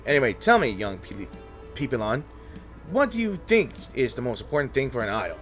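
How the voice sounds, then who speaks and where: A man voicing a pushy travel agent in a game, rattling off sales pitches and lectures. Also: sing-song, fairly quick, fairly bright tone, faint music behind. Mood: lecturing.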